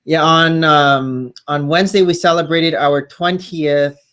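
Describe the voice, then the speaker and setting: A man's voice: a little high, unhurried, clean tone. A man in his thirties with a Canadian accent, co-hosting a live stream in a casual, chatty way. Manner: chatty, relaxed, reads out comments.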